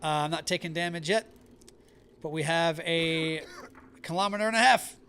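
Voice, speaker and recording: A man's voice: a little high, moderate pace, pushed and bright, a little hiss or hum. Chatty man streaming a game live. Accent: neutral American, Southern only when angry. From American South. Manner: chatty, answers chat while playing. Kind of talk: live gameplay chat.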